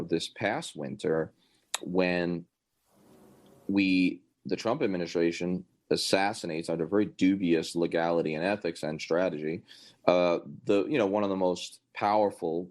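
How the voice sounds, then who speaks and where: Deep-voiced man ranting on a podcast. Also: a little mellow. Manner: opinionated, rambling, sarcastic asides. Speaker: podcast host. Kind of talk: casual political commentary.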